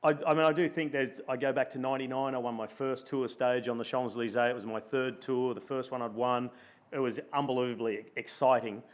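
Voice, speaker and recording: Animated Australian man telling a race story. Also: mid-range voice, fairly quick. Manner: animated storyteller, acts out his own thoughts in quoted asides. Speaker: guest speaker, former pro cyclist. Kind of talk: storytelling in a live interview. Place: luncheon event room.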